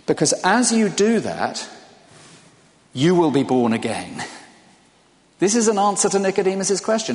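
A man's voice: high-pitched, very animated, a little slow, long pauses. An older man preaching a sermon in a conversational way, putting questions to his listeners. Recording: long hall reverb.

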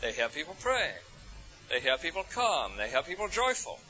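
An English preacher delivers his sermon with a bright, forceful edge. He leans on rhetorical questions, lifting high with feeling and then dropping to near a whisper. The recording is muffled and lo-fi. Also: moderate pace, soft background music. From England. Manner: expressive, rhetorical questions, swings from soaring to hushed. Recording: dull lo-fi recording.

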